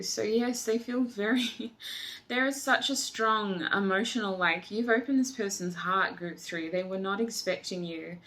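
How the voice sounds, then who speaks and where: Speaking a little slowly, this tarot reader has a medium-pitched voice with a bright, forceful tone. She delivers a reading and channeled messages effusively and emotionally, frequently exclaiming at the cards.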